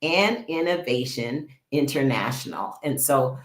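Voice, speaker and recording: A woman's voice: rumbling low, lively intonation, a little slow. A woman hosting a live online show on a video call, upbeat and chatty, often repeating her words. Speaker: host. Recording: echoey room.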